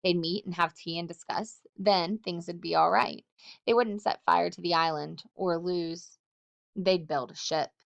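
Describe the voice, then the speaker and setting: A woman's voice: on the low side, steady tone, a little slow, gravelly. A woman voicing a fearful, bespectacled, asthmatic schoolboy who talks in an anxious, pleading way. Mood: wistful.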